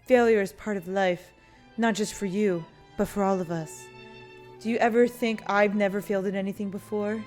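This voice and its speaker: A woman's voice: medium pitch, fairly even intonation, normal speed, darkish tone, faint music behind, lightly acted. A woman reading the lines of an earnest older male chicken restaurateur from a dating game, in a solemn, storybook-like way. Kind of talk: reading game dialogue aloud.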